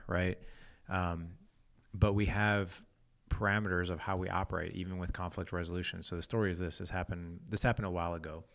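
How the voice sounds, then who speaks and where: A man's voice: sits low, creaky. A man as a podcast guest, telling a family story in a laid-back way and acting out the quotes. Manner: laid-back, laughs easily, acts out quotes. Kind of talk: casual storytelling.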